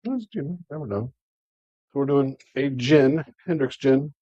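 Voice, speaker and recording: Brief: easygoing man co-host, dry wit, husky, muffled dry livestream sound. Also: mid-range voice, measured pace, mellow, no room sound. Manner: laid-back, wry, explains as he cooks. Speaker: cooking show co-host. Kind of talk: casual livestream cooking chat. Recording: dull lo-fi stream audio.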